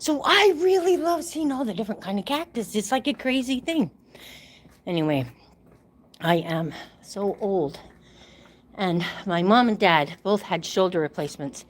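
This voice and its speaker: A middle-aged woman from Utah, out of breath as she walks and exercises outdoors, rambling chattily into her phone and laughing often. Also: mid-range voice. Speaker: livestream host. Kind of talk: casual live-stream chat while exercising. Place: outdoors, walking.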